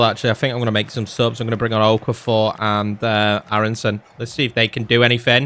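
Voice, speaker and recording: A young man, commentating his own football video game and ranting in frustration. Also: mid-range voice. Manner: animated, exasperated ranting. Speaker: gaming YouTuber. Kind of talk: gameplay commentary.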